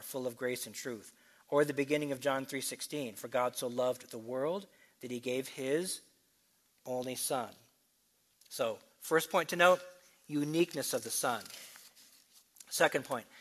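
Guy preaching a bible teaching sermon, normal pitch, quick asides then slow emphatic readings. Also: a bit bright.

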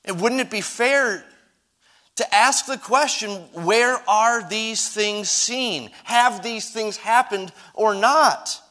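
A man preaching a sermon to his congregation, swinging between emphatic rises and hushed drops. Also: high voice, slow. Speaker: pastor.

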